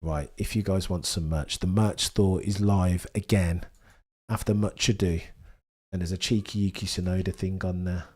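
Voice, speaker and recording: A man's voice: sits low, moderate pace. A man hosting a live stream before a race, chatting casually with viewers, with a stuffy nose as he recovers from illness. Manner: chatty, banters with chat, bursts of excitement. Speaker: live-stream host reading chat.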